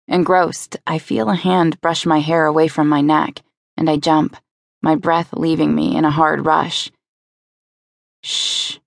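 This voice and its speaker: Low gravelly woman reading a romance audiobook. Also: dry recording, studio quality. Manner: measured, intimate, descriptive reading. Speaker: audiobook narrator. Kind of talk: first-person romance audiobook narration.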